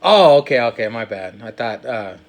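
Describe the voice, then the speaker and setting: A man's voice: medium pitch, sing-song, moderate pace. A man hosting a casual podcast, teasing his guest and posing questions. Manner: playful, teasing, asks questions. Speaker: podcast host.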